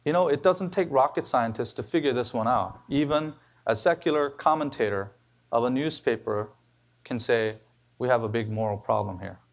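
A male pastor delivering a sermon with a gravelly edge to his voice. He preaches emphatically, climbing on the words he stresses and sinking quiet to close his points. His pitch sits in an ordinary middle range. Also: normal speed. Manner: emphatic preaching with rises and sudden drops.

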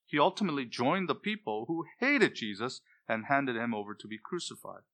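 A man preaching a sermon with passion and strong emphasis, building to loud peaks on key points. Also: mid-range voice, expressive, brisk.

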